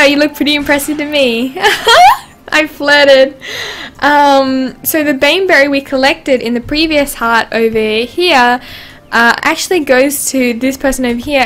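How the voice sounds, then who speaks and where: A woman's voice: high voice, fairly bright tone. A woman hosting a casual gameplay livestream, chatting and giggling as she reads game dialogue aloud. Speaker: livestream host.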